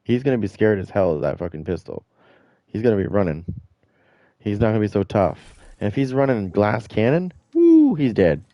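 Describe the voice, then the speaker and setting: Brief: middle-aged male streamer, blunt and profane, dark mellow tone, dull lo-fi mic. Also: on the low side, fairly quick, no room sound. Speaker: gaming streamer. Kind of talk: casual rant while streaming.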